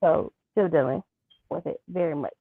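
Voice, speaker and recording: Soft-spoken woman on a thin phone-like line. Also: low voice, gravelly, slightly rough, dry recording. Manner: soft-spoken, halting with fillers. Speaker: guest. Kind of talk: interview, personal story.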